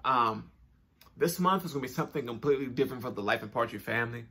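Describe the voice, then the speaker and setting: A man's voice: medium pitch, fast, pushed and bright, slightly rough. A young man hosting his own channel, talking casually straight to camera in an upbeat, chatty way with informal slang and repeated phrases. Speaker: YouTube channel host. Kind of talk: casual direct-to-camera vlog talk.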